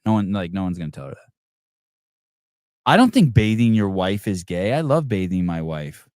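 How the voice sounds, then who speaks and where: A man's voice: low voice, big pitch swings, normal speed, long pauses, a little mellow, dry recording, studio quality. Blunt, profane male podcast host. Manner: profane, blunt, rambling rant. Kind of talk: live call-in show commentary.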